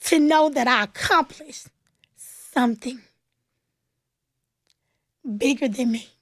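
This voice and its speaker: A woman's voice: high-pitched, slow, no echo, clean studio sound. A woman, telling her own story as a guest in a radio interview and acting out the voices she quotes. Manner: animated, acts out quoted voices, plainspoken. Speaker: nonprofit founder, interview guest.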